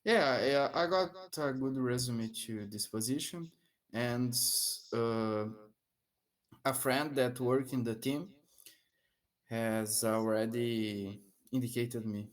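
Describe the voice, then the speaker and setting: Man, Brazilian accent, Portuguese native, slow unhurried speech, short hesitant replies. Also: mid-range voice. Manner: brief, hesitant answers with fillers. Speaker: student. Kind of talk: casual conversation.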